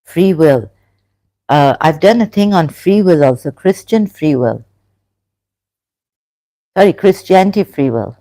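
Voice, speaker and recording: A host from England talking through a religion discussion in a casual live chat, halting and thinking aloud as they go. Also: medium pitch, lively intonation, mellow, no room sound.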